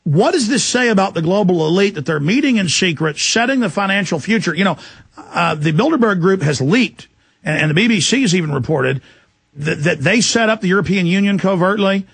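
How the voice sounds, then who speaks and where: A man hosts a radio interview in a high, gravelly, husky voice. He pushes his points hard and urgently. The studio sound is dry and close. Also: animated, dry recording. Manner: forceful, urgent, rapid asides. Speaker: radio host.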